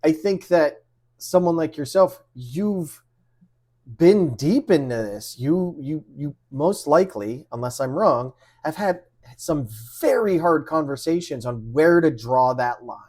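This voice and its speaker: A man's voice: on the high side, lively intonation, darkish tone. Chatty, laughing man host. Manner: chatty, quick to laugh, tells anecdotes. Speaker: podcast host. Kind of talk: casual interview chat.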